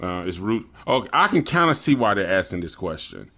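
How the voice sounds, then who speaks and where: A man co-hosts a casual podcast and reads listener questions aloud with wry asides. His voice sits low, but his pitch moves up and down a lot. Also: very animated, fairly quick, pushed and bright. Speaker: podcast co-host. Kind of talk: casual chat.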